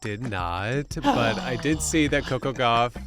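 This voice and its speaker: A man hosting a political podcast in a relaxed, casual way, with easy banter and some hesitations. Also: medium pitch, a little slow. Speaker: podcast host.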